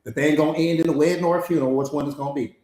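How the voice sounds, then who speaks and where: Man, rapid-fire talker, slightly high voice, emphatic, repetitive, coaching, echoey room. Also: steady tone, a little mellow. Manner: emphatic, repetitive, rhetorical questions, slangy. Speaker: mindset coach. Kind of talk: live-streamed motivational master class.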